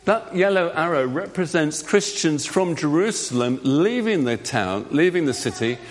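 A man's voice: fairly high pitch, animated, normal speed. A man leading an all-age church talk, acting out a Bible story with volunteers in a jokey, directing manner. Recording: long hall reverb.

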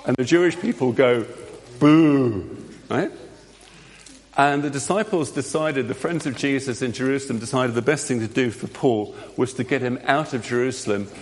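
A man's voice: medium pitch, brisk, few pauses. A man leading an all-age church talk, acting out a Bible story with volunteers in a jokey, directing manner. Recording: long hall reverb.

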